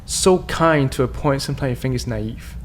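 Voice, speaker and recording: A man's voice: medium pitch, expressive, moderate pace, a little hiss or hum. A man from China, a podcast guest telling his life story earnestly and candidly, often restarting his sentences. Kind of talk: personal storytelling in conversation.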